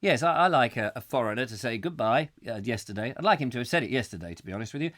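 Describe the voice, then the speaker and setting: A man's voice: mid-range voice, big pitch swings, fast, a bit bright. A man hosting a comic live call-in show, rambling and joking as he reads out viewer comments. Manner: rambling, jokey, reads viewer comments aloud in funny voices. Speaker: host.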